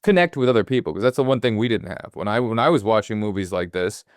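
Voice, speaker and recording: A man's voice: fairly low pitch, expressive, fast talker, dry recording, studio quality. A man in his forties co-hosting a film podcast, talking casually and rambling with lots of fillers and restarts. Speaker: podcast co-host.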